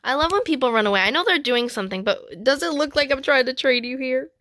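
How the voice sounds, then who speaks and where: A woman hosting a gaming channel, chatting excitedly as she trades in a game, with frequent gasps and squeals. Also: high voice, quick pace, dry recording. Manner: chatty, talks to viewers and other players. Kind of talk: playing a trading game while commenting casually.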